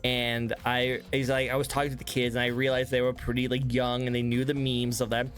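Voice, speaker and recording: A man hosting a casual interview chat, excitable and rambling, laughing often. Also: mid-range voice, fairly quick, soft background music. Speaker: host.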